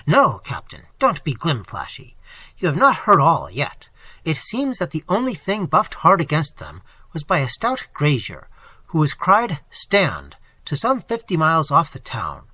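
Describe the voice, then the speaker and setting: A man's voice: on the high side, huge pitch swings, measured pace, bright, forceful tone, slightly rough, dry recording, heavily acted. A man voicing an eager, admiring robber follower who talks in old thieves' slang, in a storybook reading.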